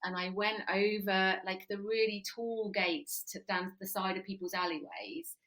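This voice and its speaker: A woman in her forties speaks at a middle pitch as a podcast guest. She tells her stories in an animated way, often breaking into laughter, with frequent ums between thoughts. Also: normal speed, rough recording. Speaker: psychotherapist and former police officer. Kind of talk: conversational podcast interview.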